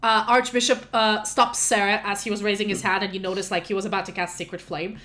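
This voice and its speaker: A woman's voice: mid-range voice, level tone, fast, sharp tone. A woman narrating as game master in a casual, loose way, with plenty of fillers.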